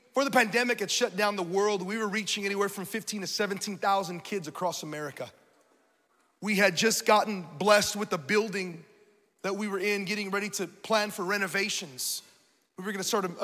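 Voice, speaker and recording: A man preaching a sermon with a high, bright voice that rings through a large hall. He tells his story in an animated, self-mocking way. He laughs often.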